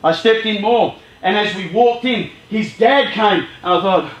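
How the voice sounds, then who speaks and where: A man telling a dramatic first-person story at a youth charity event, vivid and expressive, acting out his own feelings. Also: high voice, unhurried, few pauses, reverberant, rough recording.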